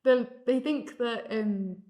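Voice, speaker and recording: A woman's voice: fairly high pitch, takes it slowly, mellow. A young woman from the South of England, a guest in a casual discussion, talking hesitantly with many fillers.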